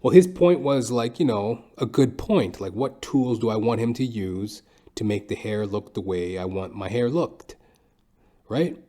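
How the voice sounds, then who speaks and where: A man's voice: on the low side, unhurried, mellow. A young man hosting a podcast, telling a rambling, profane comic story in a casual monologue full of fillers. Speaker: podcast host. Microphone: podcast microphone.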